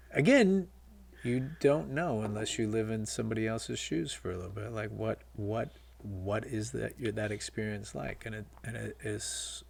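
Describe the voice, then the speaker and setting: Gravelly-voiced man telling stories. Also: on the low side, slight background noise. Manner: animated, lots of fillers and quoted dialogue. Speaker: guest filmmaker. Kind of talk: casual interview storytelling.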